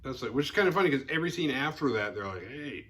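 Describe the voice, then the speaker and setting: A man's voice: medium pitch, expressive, racing, a bit bright. A man hosting a podcast who gives a casual, rambling movie recap, often chuckling and acting out quotes. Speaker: podcast host.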